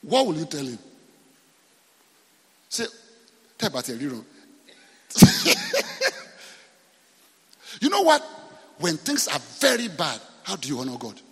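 A man's voice: fairly high pitch, big pitch swings, moderate pace, long pauses, fairly bright tone, slightly rough, long reverb tail. A man with a Nigerian accent preaching a sermon as pastor, often asking the congregation questions and repeating himself.

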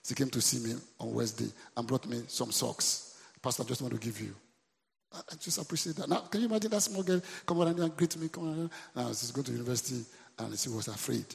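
Gravelly Nigerian pastor preaching in a hall. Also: male voice, medium pitch, expressive, quick pace. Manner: preachy call-and-response, repeating lines to the congregation. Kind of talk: sermon. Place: church.

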